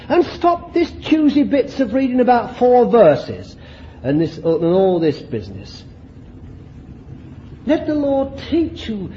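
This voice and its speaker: A man's voice: sits high, dull audio, a little hiss or hum. A man preaching a fervent sermon, exclaiming and laughing between points.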